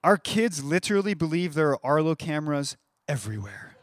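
High-voiced man preaching casually. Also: sing-song, fairly quick. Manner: conversational, repeats words when starting phrases. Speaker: pastor. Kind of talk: sermon.

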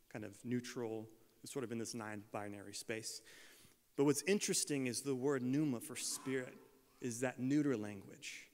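A man's voice: medium pitch, darkish tone. An American man preaching a sermon, telling a funny travel story with self-deprecating humor before turning to scripture. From United States. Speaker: pastor. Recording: long reverb of a large hall.

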